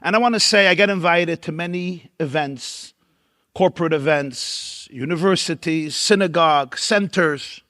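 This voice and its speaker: A man's voice: on the high side, fairly bright tone, no room sound, studio quality. A man, a rabbi, giving a storytelling keynote lecture at a dinner event, emphatic and building up lists.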